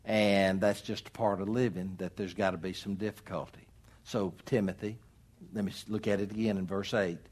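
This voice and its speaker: A middle-aged pastor delivers his sermon in a somewhat low voice. He lurches between loud, emphatic bursts and hushed asides, talking straight to his congregation. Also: fairly even intonation, moderate pace. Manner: preaching with sudden loud emphatic rises and drops.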